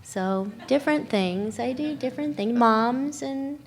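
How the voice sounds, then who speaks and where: A woman's voice: high-pitched, measured pace, a little hiss or hum. A woman voice actress chatting on a convention panel, laughing often and searching for words as she talks. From Los Angeles. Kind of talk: casual panel talk.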